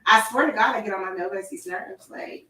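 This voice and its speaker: A woman's voice: medium pitch, normal speed, pushed and bright. A woman hosting a podcast interview, playful and laughing as she prompts her guest. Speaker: podcast host. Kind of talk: conversational interview. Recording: echoey room, distant mic.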